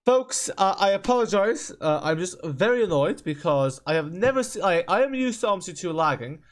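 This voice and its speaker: A man's voice: high-pitched, expressive, moderate pace. A man hosting a game channel, ranting in exasperation at a buggy simulator, stammering and repeating himself. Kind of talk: ranting gameplay commentary.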